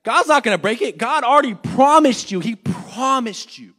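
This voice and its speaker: Earnest young man preaching, swinging loud and hushed. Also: very high-pitched, animated, moderate pace. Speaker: church class teacher. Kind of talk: sermon. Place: church classroom.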